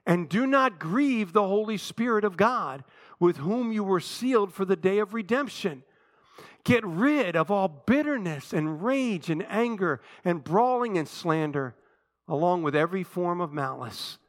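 Male preacher, impassioned sermon delivery with pleading prayers, high-pitched voice. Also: lively intonation, a little slow. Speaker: pastor.

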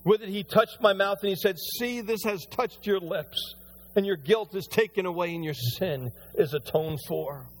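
A pastor preaches an animated sermon, growing loud on points of emphasis and slowing down when he reads scripture aloud. His voice sits high, and there's slight background noise.

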